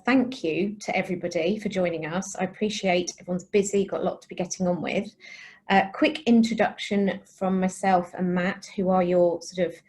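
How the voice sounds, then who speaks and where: A woman's voice: mid-range voice, a little mellow. A woman co-chairing and hosting an online community workshop on a video call, polite and organised. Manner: polite, organised, lightly apologetic.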